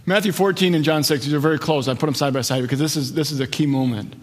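A male pastor giving a conversational sermon, often dropping low and quiet for emphasis, in a church hall. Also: quick pace. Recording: long hall reverb.

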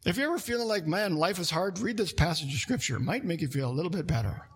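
A man preaching a sermon, animated, reading scripture aloud and talking through a card-game illustration. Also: on the high side, fast talker, few pauses. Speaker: pastor.

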